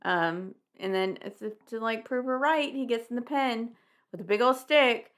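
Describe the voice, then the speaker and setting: A woman's voice: fairly high pitch, normal speed, fairly bright tone. A young woman co-hosting a podcast, casually recapping a children's book with wry, laughing asides and casual swearing. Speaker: podcast co-host.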